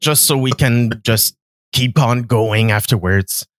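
A man's voice: mid-range voice, slow, dry recording. A man from Canada, a podcast guest chatting casually with dry humor. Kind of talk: casual chat.

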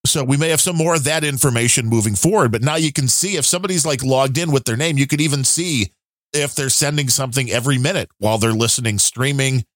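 Jokey animated male podcast co-host. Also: quick pace, no echo, clean studio sound. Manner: animated, jokey, swings pitch up when exclaiming. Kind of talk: casual tech chat.

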